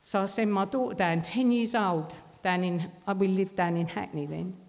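A woman's voice: mid-range voice, moderate pace. A middle-aged woman telling a blunt, swearing personal recovery testimony. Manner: blunt, swearing, working-class London speech. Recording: long reverb of a hall.

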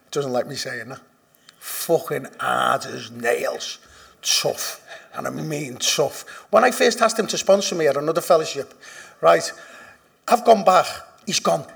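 A man with a Liverpool accent giving a personal recovery testimony, blunt and profane, dropping to a hush and then rising loud with laughter. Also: fairly high pitch, gravelly. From Liverpool, England. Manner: blunt and profane, swinging from hushed confession to loud laughing emphasis. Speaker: speaker sharing at a recovery meeting.

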